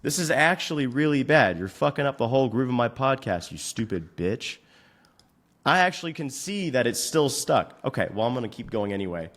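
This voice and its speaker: A man hosting a fitness podcast, giving blunt, profane advice in a casual way and venting at his software. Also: medium pitch, very animated. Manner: profane, frustrated rants; blunt, rapid instructions. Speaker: fitness coach and podcast host.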